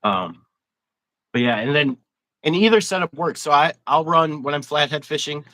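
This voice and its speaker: A man's voice: fairly high pitch, expressive, moderate pace, bright, forceful tone, poor audio. A man hosting a casual fishing livestream interview, chatty and rambling, laughing often. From Wisconsin. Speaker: host.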